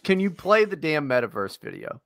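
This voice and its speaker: A man's voice: on the high side, wildly swooping pitch, creaky, a bit bright, dry recording. A man co-hosting a podcast, rambling and swearing in casual banter and laughing at his own jokes. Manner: rambling, profane, quick to laugh. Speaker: podcast co-host.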